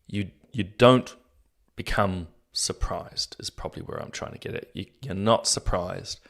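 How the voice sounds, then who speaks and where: A middle-aged New man with a somewhat low voice hosts a casual commentary show. He rambles a little, backtracks and fills gaps with "uh" and "um", and pokes fun at himself as he goes. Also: a little slow, gravelly, a bit bright. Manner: rambling, self-deprecating, frequent fillers and restarts. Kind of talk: casual solo commentary to viewers.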